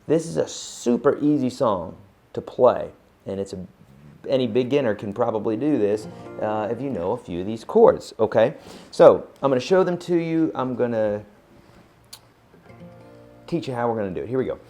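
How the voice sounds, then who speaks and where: A man giving a casual acoustic guitar lesson, chatty and relaxed, counting beats aloud. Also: mid-range voice, moderate pace. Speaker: guitar teacher. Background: acoustic guitar playing.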